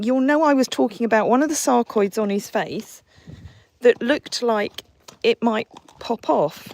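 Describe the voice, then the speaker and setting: A woman's voice: on the high side, expressive, a little slow, darkish tone. A woman hosting a casual live stream from horseback outdoors, reading viewer comments and cooing and scolding her horses in between.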